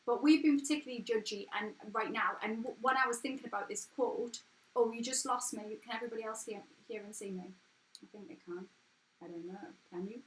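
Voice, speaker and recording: A woman's voice: a little high, brisk. A woman in her thirties with an everyday English accent, hosting a casual motivational live stream from home, talking frankly and earnestly in a chatty way. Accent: English, not posh. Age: 30s. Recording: echoey room.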